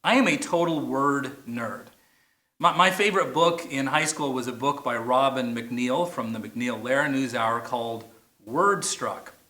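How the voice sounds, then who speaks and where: A man's voice: medium pitch, measured pace, bright, forceful tone, echoey room. A man preaching a sermon as pastor, playful, stretching out single words for emphasis. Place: church, message shown on a big screen outdoors.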